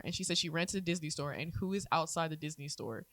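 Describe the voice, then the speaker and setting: A woman, co-hosting a podcast and telling a story in a casual, profane, animated way. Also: fairly low pitch, fast, few pauses, no echo. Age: 20s. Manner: animated, profane, acts out quotes. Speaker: podcast co-host.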